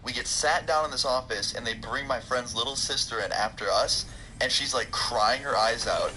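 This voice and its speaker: A man's voice: mid-range voice, normal speed, pushed and bright. A young man telling a profane, rambling story to camera in a casual, joking vlog. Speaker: storytime vlogger. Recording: clear background noise.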